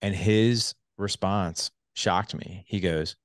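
A middle-aged man hosting a casual podcast interview, telling stories with many fillers and jumping high when he quotes people. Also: takes it slowly, no echo, studio quality. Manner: animated storyteller, many fillers, voice jumps high when quoting. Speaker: podcast host.

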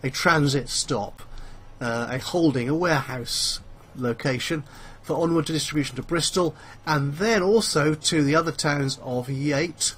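A man's voice: a little high, measured pace, a bit bright, a little hiss or hum. Rambling man narrating a game. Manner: rambling, thinks aloud with many fillers; chatty and self-mocking. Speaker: let's play host. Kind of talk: casual game commentary. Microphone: headphones with a desk mic.

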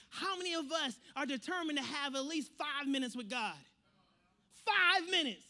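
A man preaching a sermon in an animated way, repeating phrases and acting out quotes. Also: extremely high pitch.

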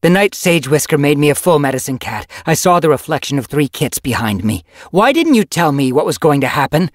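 A man's voice: fairly high pitch, very animated, brisk, no echo, clean studio sound, voice pushed up. A man voicing a grieving female medicine cat in an audiobook, snarling and pleading in a distraught way. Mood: demanding. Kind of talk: audiobook character voice.

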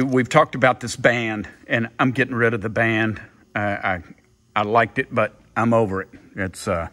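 Slow, rambling man in his workshop. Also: on the low side, fairly bright tone. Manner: rambling, thinks aloud, repeats himself. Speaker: car builder, channel host. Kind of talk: casual workshop vlog.

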